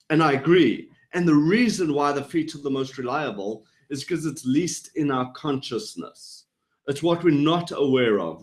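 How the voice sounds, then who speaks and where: A man with a slightly high voice explains how to read people, bouncing his pitch up and down to show what he means. He talks over a video call. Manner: animated, demonstrates vocal inflection up and down. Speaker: body language trainer. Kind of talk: explanatory interview talk.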